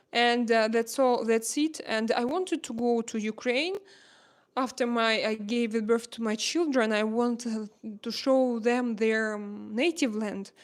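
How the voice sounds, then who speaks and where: A woman in her thirties from Russia, speaking English with a Russian accent as a livestream host, emotional and pleading, halting often to find words. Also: fairly high pitch. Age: 30s. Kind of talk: casual livestream chat.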